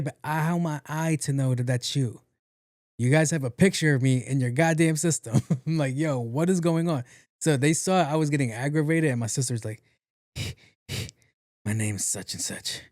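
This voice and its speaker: A young man tells a story on his podcast in a loose, profane way. His voice sits at an ordinary pitch, and the sound is close and dry. He acts out every quote with lively energy. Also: dry recording. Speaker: podcast host. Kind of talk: casual storytelling monologue.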